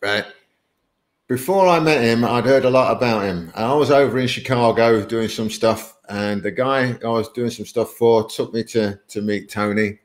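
A man's voice: medium pitch, normal speed. A man hosting a live webinar, chatting and telling stories with frequent laughs. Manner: chatty, laughs often, rambling storytelling. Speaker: webinar host. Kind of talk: casual live webinar chat.

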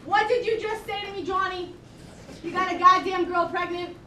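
A woman's voice: extremely high pitch, steady tone, moderate pace, bright, forceful tone. A woman in an improv scene playing a gushing, foul-mouthed Catholic single mom from Boston. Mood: outraged. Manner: gushing, brash, repeats herself. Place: theater stage. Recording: roomy distant live stage recording, noisy.

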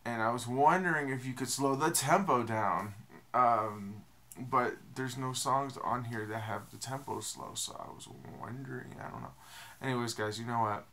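A man's voice: medium pitch, steady tone, moderate pace, bright, forceful tone. A young man vlogging to the camera in a casual, rambling, self-deprecating way, with many fillers. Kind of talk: casual confessional vlog.

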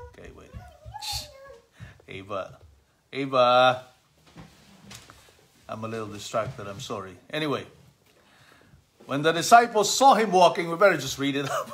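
A middle-aged man, a father, giving a casual commentary on a gospel passage to his family, halting with many fillers and easy chuckles, and asking animated questions. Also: medium pitch. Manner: reads scripture aloud, then explains with animated questions.

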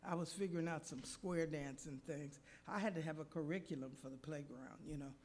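A woman's voice: sits low, fairly quick, slight background noise. Woman preacher telling a story. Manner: animated, acts out the people in her story. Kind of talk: storytelling sermon. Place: church.

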